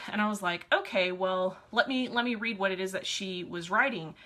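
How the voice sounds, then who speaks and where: Bright-voiced chatty woman team leader. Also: medium pitch, normal speed, few pauses. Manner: chatty, upbeat, sassy asides. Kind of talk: live-streamed team training talk.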